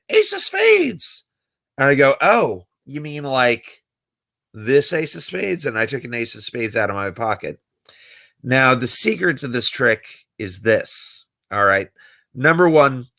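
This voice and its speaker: On his late-night livestream, a young adult magician talks casually and tells stories, acting out the people he quotes. His voice sits at medium pitch with a sharp tone.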